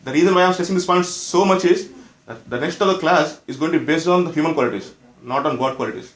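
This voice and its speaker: A man lectures on scripture to a class. His voice sits a little high for a man. He repeats his points for emphasis and keeps asking the audience questions, and the room around him is echoey. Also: fast. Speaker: religious teacher.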